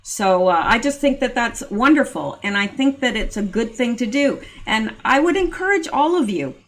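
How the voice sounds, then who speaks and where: A woman hosting her own commentary channel, talking casually and earnestly with lots of fillers and restarts. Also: on the high side. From Canada. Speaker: political commentary channel host.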